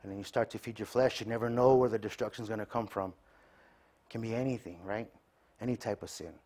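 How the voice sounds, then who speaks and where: Man, preacher, sermon, slightly low voice, conversational, keeps asking "right?". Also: fast, darkish tone. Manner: conversational, tags nearly every point with "right?"; acts out everyday conversations in quoted voices.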